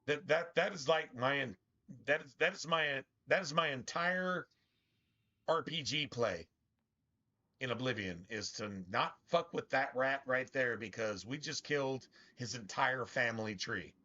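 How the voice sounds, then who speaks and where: A man giving casual commentary over his gameplay, rambling with lots of slang and swearing. His voice is bright and sharp at a middle pitch. The audio is dull and lo-fi. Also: a little slow. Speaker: gaming streamer.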